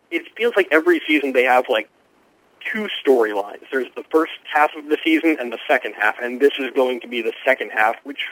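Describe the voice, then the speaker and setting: Brief: male TV critic guest, brisk enthusiastic explainer, dry close sound. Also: medium pitch, no room sound, poor audio. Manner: quick, informed, enthusiastic explaining. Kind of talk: radio interview answers.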